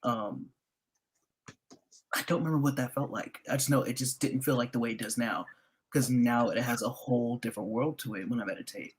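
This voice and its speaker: Animated, swearing man telling stories. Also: mid-range voice, brisk, husky. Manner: animated storyteller, swears, acts out quotes. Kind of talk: casual chat.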